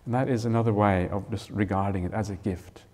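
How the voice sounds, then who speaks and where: A man, a Buddhist monk, giving an unhurried Dharma talk on a scripture, with frequent "uh" fillers and "right?" checks. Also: on the low side, steady tone, a little mellow. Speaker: Buddhist monk teaching a retreat. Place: retreat hall.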